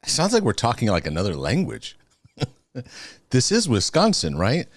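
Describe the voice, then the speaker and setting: A man's voice: medium pitch, huge pitch swings, moderate pace, no echo, studio quality. A man hosting a live-streamed Q&A, chatting casually with viewers, laughing often and restarting his sentences. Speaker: host of a live Q&A.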